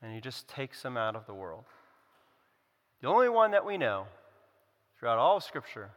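A man's voice: mid-range voice, big pitch swings, moderate pace, lo-fi sound. A man preaching a sermon, retelling a scripture story with sarcastic asides. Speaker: pastor. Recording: long hall reverb.

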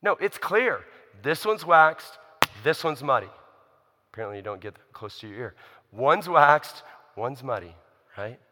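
A man's voice: medium pitch, animated, unhurried, sharp tone, long reverb tail. A man preaching a sermon in a conversational, emphatic way, asking the listeners rhetorical questions. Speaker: pastor.

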